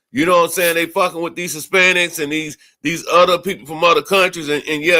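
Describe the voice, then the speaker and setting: Male streamer, furious profane rant, bright forceful tone, higher-pitched. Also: fairly even intonation, quick pace, hardly any pauses. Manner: angry, profane, repetitive. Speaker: livestream host. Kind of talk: ranting livestream commentary.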